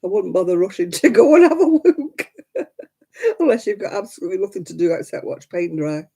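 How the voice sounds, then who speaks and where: A woman's voice: mid-range voice, animated, a little fast, dark tone, breathy edge. An older woman chatting casually with viewers on a crafting livestream, rambling and laughing often. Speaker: livestream host. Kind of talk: casual live-chat crafting stream.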